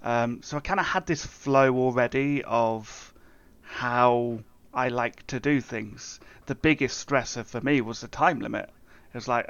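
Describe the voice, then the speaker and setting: Dev guy on a podcast, smooth voice, chill and rambly, sound a bit dull and dry. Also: medium pitch, a little slow, no echo. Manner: relaxed, explanatory, lots of fillers. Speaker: software developer guest. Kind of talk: casual interview chat.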